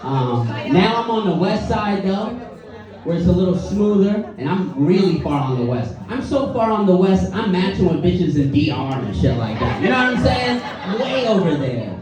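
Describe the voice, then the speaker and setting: A man's voice: high voice, sing-song, moderate pace. A man from the Bronx with a Bronx accent doing a stand-up comedy set, talking loose and conversational and checking in with the crowd. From the Bronx, New York. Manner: loose and conversational, keeps asking the crowd "you know what I'm saying". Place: comedy club stage. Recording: far-off roomy club mic, muffled, loud crowd. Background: audience laughing.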